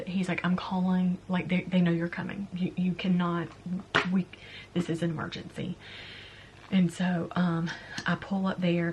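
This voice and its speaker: A young woman tells a personal story to her camera in a soft, confiding voice that keeps sinking into a near-whisper. Her fairly low voice carries a lot of vocal fry. A faint hum of the room sits behind her. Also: lo-fi sound. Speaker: beauty vlogger. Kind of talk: storytime vlog.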